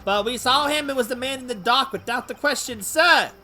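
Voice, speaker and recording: A man voicing a loud, sleepy older policeman who barks his answers, reading a courtroom game aloud. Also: mid-range voice, sing-song, moderate pace, breathy edge, soft background music, voice pushed down, full character voice. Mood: eager, blustering. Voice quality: barking shouts. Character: loud, dozy old English bobby.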